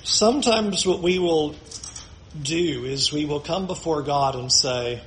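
A man's voice: a little high, a little slow, fairly bright tone, a little hiss or hum. A man preaching a sermon as pastor, emphatic, often acting out the voices of the people he quotes. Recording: roomy echo.

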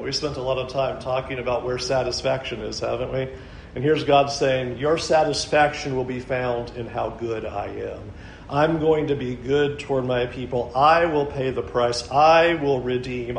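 Echoey higher-voiced man preaching. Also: slight background noise. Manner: expository preaching, reads scripture aloud. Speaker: pastor. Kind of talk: sermon.

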